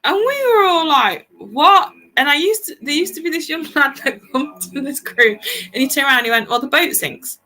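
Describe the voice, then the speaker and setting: Woman host, thirties, bright and punchy, rambling chatty storyteller who laughs a lot. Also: sits high, animated, fairly quick, rough recording. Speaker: podcast host. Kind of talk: casual chat.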